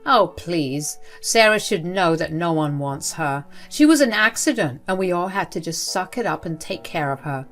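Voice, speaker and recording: A woman voicing a cold, spiteful older grandmother who runs a school, reading her lines in a sneering, dismissive way, with soft music behind. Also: lowish voice, lively intonation, normal speed, few pauses, lightly acted. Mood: contemptuous.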